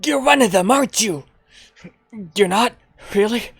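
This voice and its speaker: Man doing a shrill, loud, suspicious stranger. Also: animated, unhurried, breathy edge, heavily acted. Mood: accusing.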